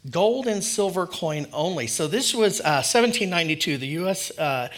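Friendly higher-voiced man preaching. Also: animated, moderate pace, a bit bright. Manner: friendly, conversational, with filler words. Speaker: lay preacher. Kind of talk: casual sermon. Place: church.

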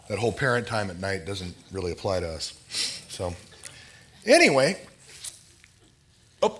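An older lay preacher with a mid-range, somewhat bright voice leads a prayer and opens a sermon in a church sanctuary. He's earnest, conversational and self-deprecating.

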